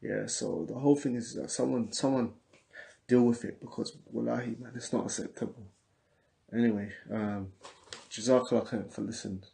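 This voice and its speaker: A man's voice: mid-range voice, steady tone, normal speed, creaky, warm tone. A man with a London accent hosting a casual livestream, chatting loosely and reading out viewer comments. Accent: London English. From England. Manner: chatty, repetitive, loose street slang. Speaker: podcast host.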